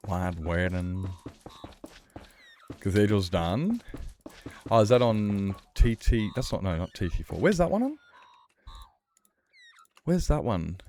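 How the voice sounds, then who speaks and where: A man's voice: on the low side, very animated, measured pace, pauses often, dark tone, a little hiss or hum. A man streaming a survival game, chatting with viewers in a worked-up, playful rant. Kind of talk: casual live-stream chat.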